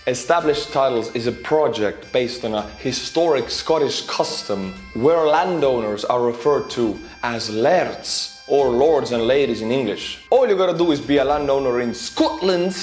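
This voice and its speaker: Male narrator, wry and dry; echoey room, soft music bed. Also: medium pitch, animated, normal speed, few pauses. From Estonia. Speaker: war commentary host. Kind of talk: narrated video commentary. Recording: roomy echo.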